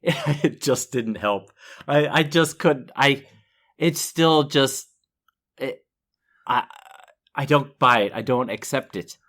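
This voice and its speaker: A middle-aged man co-hosting a podcast tells a story about himself in loose, casual chat. He pokes fun at himself and breaks into laughter often. His voice sits at an ordinary middle pitch. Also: slow pace, pauses often, a bit bright. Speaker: podcast co-host.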